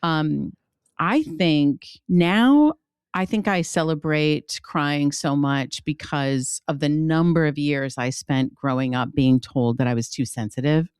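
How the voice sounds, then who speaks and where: Woman, podcast co-host, expressive, emotional, smooth voice, dry close sound. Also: sits low, slow, dry recording. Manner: expressive and emotional, gasps and soft exclamations. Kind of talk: casual podcast chat.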